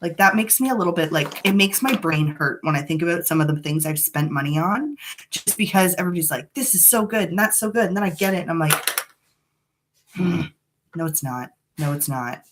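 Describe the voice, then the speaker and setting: A woman's voice: fairly low pitch, quick pace, a little hiss or hum. A woman chatting frankly and a little dramatically through a live makeup tutorial from her home. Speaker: beauty vlogger. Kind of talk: casual live makeup chat. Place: home room.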